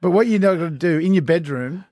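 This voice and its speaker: A man's voice: on the high side, lively intonation, quick pace, a little mellow, dry recording. A man, co-hosting a radio show in the studio with playful, teasing banter. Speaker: radio co-host. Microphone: studio microphone.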